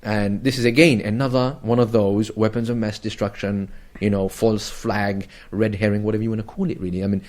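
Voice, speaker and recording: A man hosting a casual current affairs radio talk show, animated and joking, with many fillers and restarts. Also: lowish voice, brisk, hardly any pauses. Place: radio studio.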